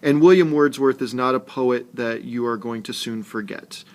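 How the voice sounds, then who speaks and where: A man's voice: medium pitch, moderate pace, a little mellow. A man teaching a screencast lesson on poetry, patient and instructive. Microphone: tablet screencast mic.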